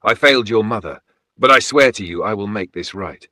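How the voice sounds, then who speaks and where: A man's voice: lowish voice, expressive, fairly quick, bright, forceful tone, no room sound. A man voicing a middle-aged father, emotional and pleading in his speech. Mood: remorseful. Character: remorseful middle-aged father, enraged then broken.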